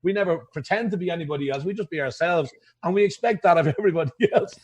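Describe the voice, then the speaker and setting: A man's voice: on the high side, rapid-fire, a little mellow, husky. An Irish man who plays in a pub house band, telling stories with animation in a casual interview and laughing through his points.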